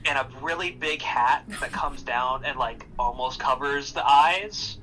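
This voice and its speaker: A player in a tabletop game, eagerly pitching ideas in casual chat. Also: measured pace, sharp tone, rough recording.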